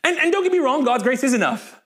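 High-pitched guy preaching to his church, upbeat, cracks jokes mid-sermon. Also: fast talker. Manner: lively, joking asides. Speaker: pastor. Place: church in front of a congregation.

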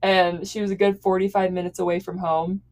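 Speaking briskly in a lowish, slightly mellow voice with a level tone, this young podcast co-host tells embarrassing stories in a casual chat. Giggles and plenty of "like" fillers run through her storytelling.

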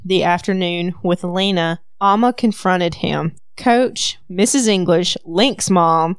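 A woman's voice: on the low side, takes it slowly, smooth, no echo, clean studio sound. A woman with a Southern accent, hosting a podcast and retelling a story in casual chat. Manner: storytelling, laughs easily. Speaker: podcast host. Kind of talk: casual book recap chat.

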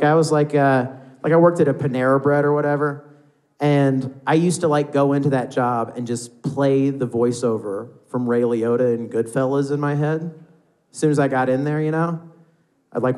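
A man's voice: mid-range voice, steady tone, normal speed, a little mellow. An American man performing a stand-up comedy set on a live club stage, rambling loosely and acting out voices.

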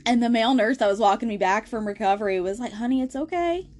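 A woman's voice: medium pitch, steady tone, fast, darkish tone. A young adult woman hosting a podcast, telling a hard personal story in a casual, candid way, swearing freely and laughing through the grim parts. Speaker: podcast host.

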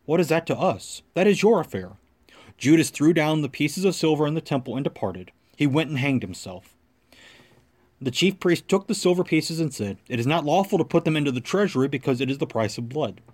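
A man giving a liturgical scripture reading and then reciting prayers in a solemn, measured manner. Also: a little high, darkish tone. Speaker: scripture reader.

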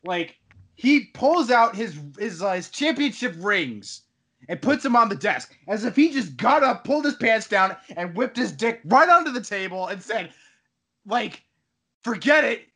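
A man's voice: high-pitched, big pitch swings, a little slow, bright, forceful tone. A man in casual chat, animatedly retelling a video game story and laughing as he goes.

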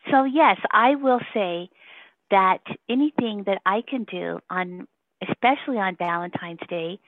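A woman's voice: mid-range voice, a little slow, dry recording. A woman giving a casual phone interview, rambling and emotional, laughing often between her points. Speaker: interview guest. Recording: tinny phone line.

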